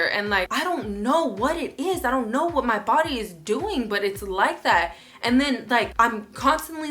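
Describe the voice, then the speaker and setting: A young woman talking casually in a storytime vlog, rambling with many fillers and restarts, and acting out her own past lines with sudden loud outbursts. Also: medium pitch. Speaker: vlogger.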